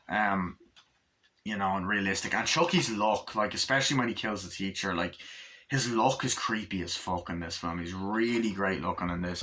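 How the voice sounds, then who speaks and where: A man giving a casual movie review, retelling scenes in an animated way with lots of swearing and fillers. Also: lowish voice.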